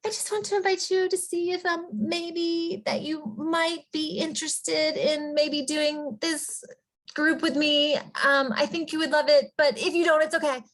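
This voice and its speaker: A woman putting on the voice of a timid, hesitant woman nervously inviting a friend, halting and unsure. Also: high voice, steady tone, a bit bright, voice pushed up.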